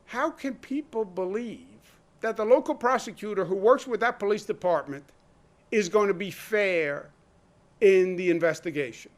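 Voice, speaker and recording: A man delivers a governor's press briefing in a fairly high voice, pressing each point with emphasis. He fires off rhetorical questions and lets deliberate pauses land.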